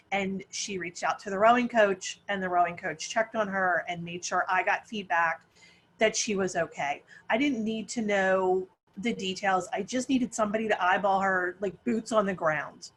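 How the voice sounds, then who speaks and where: A woman's voice: medium pitch, fairly even intonation, normal speed, fairly bright tone, a little hiss or hum. A middle-aged woman, a parent panelist, telling a long story with many restarts over a video call.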